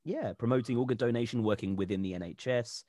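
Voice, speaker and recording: A man's voice: mid-range voice, quick pace, dark tone, no echo, studio quality. A young British man co-hosting a podcast in casual chat. He backs his partner up and chimes in with quips. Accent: British English. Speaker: podcast co-host.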